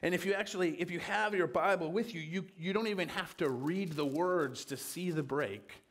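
A man's voice: high-pitched, normal speed. Conversational man preaching a sermon. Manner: conversational, with frequent fillers and restarts.

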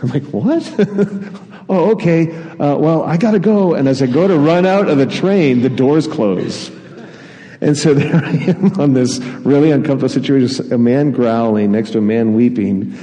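A man's voice: mid-range voice, moderate pace, warm tone, highs cut off. Man preaching with a laughing, storytelling manner. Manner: storytelling, self-deprecating, chuckles often. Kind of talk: sermon. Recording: long hall reverb.

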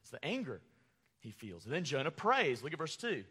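A man preaching a sermon as pastor, animated, acting out angry quotes with sarcasm. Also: on the high side, a little fast, husky, long reverb tail.

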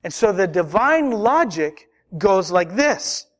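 High-voiced, slow-speaking male pastor preaching. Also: big pitch swings. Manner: earnest, builds emphasis through repetition. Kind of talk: sermon.

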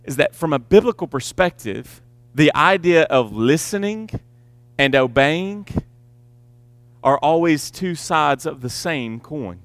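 A man preaching a sermon, emphatic, repeating key words and slowing down to stress his points. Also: fairly high pitch, a bit bright, smooth, no room sound. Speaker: pastor.

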